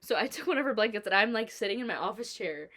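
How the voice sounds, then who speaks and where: A young woman vlogging at home, chatting and telling a story with animated quoting and laughter. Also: fairly high pitch, fast talker. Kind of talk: casual chat. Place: indoors at home.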